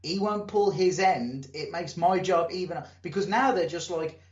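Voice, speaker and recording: Wrestler dude talking animated, bit high voice, echoey muffled room. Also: male voice, normal speed. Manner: animated storyteller, acts out crowd and promoter; swears casually. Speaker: wrestler, interview guest. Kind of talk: casual storytelling interview.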